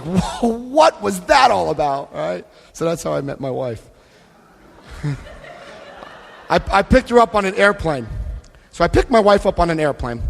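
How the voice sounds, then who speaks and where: A middle-aged American man addresses a recovery convention, joking and lively, acting out the voices in his stories. His voice sits a little high for a man. The sound carries a long reverb from the large hall. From United States. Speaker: AA convention speaker. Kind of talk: animated storytelling talk.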